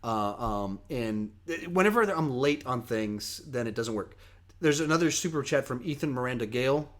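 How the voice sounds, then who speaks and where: A young man hosts a casual livestream question session, talking in a rambling, self-mocking way. His voice sits at a middle pitch, and he often jumps up in energy mid-sentence. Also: expressive, normal speed. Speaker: host.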